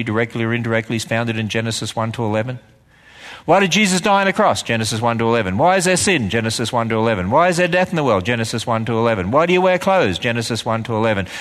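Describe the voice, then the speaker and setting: A man preaching a sermon in a church, firing rhetorical questions and swinging between loud, emphatic lines and hushed ones. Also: mid-range voice. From Australia. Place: church sanctuary. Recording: large hall with long reverb.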